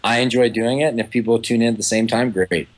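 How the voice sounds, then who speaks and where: A man in his thirties chatting as a podcast guest, an animated storyteller who swears freely and acts out the people he quotes. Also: mid-range voice, fast talker. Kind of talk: casual podcast chat.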